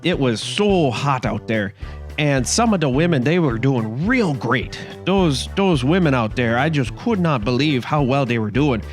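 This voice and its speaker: A man's voice: mid-range voice, animated, unhurried, soft background music, lightly acted. A man voicing a rambling, cheerful Wisconsin field reporter with an Upper Midwest accent, full of "eh" and "you betcha". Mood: folksy.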